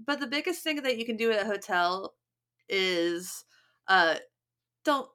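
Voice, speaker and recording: A woman's voice: lowish voice, sharp tone. A woman co-hosting a podcast, giving practical tips in a casual, chatty way with plenty of fillers and restarts. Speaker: podcast co-host. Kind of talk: casual chat.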